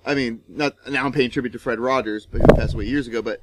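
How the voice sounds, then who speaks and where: A man's voice: mid-range voice, fairly even intonation, quick pace, very noisy. A man co-hosting a podcast, talking casually in a rambling, emphatic way with frequent restarts. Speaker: podcast co-host. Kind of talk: casual chat.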